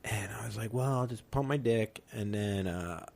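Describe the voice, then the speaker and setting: A man's voice: fairly low pitch, normal speed, gravelly. A man telling a funny story on a podcast in casual chat, swearing and laughing as he goes. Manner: animated, swears a lot, laughs through his story. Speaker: podcast guest.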